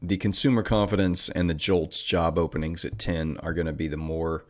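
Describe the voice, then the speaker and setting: Low-voiced man chatting on a live stream. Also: level tone, normal speed. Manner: rambling, offhand, self-correcting. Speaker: live-stream trading host. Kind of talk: casual live-stream chat, reading viewer comments.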